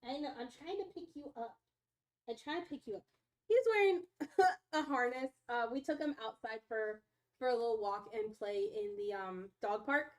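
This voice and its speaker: Young woman, high voice, casual chatty streamer at home, slips into baby talk. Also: moderate pace. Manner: chatty, talks baby talk to her dogs. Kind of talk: casual live-stream chat.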